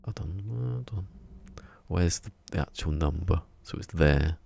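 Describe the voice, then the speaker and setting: A man's voice: sits low, expressive, unhurried, vocal fry, mellow, slightly rough. A man, chatting casually on a game live stream and muttering to himself as he tinkers. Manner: rambling, mutters to himself while he works. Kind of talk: casual live-stream chat while playing.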